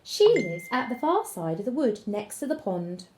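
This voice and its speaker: A woman's voice: medium pitch, sing-song, moderate pace, natural voice. A woman voicing a brave, cheerful little girl in a read-aloud fairy tale, speaking boldly. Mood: bold, childlike. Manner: bold, bright.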